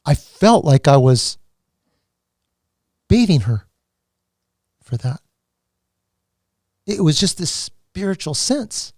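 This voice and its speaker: Slow, earnest man sharing testimony. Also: a little high, very animated, a little mellow, dry recording, clean studio sound. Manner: earnest and halting, with many restarts. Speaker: podcast guest. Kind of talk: emotional personal testimony.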